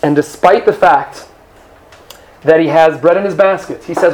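A man teaching a Torah class to women, lively, acting out quoted speakers and often checking in with his listeners. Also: fairly high pitch, moderate pace, pauses often.

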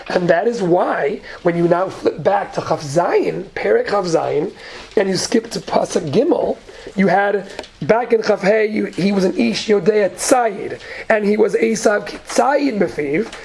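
A woman's voice: mid-range voice, a little mellow, slight background noise. A woman teaching a Torah lesson, reading Hebrew verses and explaining them in English. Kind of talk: lecture on Genesis text.

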